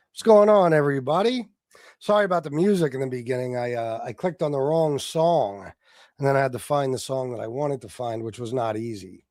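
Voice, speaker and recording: A man's voice: a little high, darkish tone, dry recording. Brash, profane man hosting a livestream. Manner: chats with viewers in the stream chat. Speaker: livestream host. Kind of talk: casual livestream rant.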